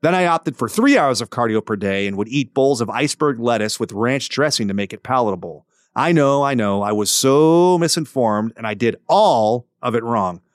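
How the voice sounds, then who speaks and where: A man hosting a podcast, reading a listener letter aloud with relaxed, joking asides. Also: medium pitch, moderate pace, hardly any pauses, dry recording, studio quality. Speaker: podcast host.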